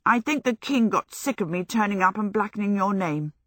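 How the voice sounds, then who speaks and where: A woman's voice: mid-range voice, lively intonation, a little fast, fairly bright tone, no room sound, clean studio sound, voice pushed up. A woman reading aloud, voicing a blunt, stubborn young heroine who speaks insistently. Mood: weary.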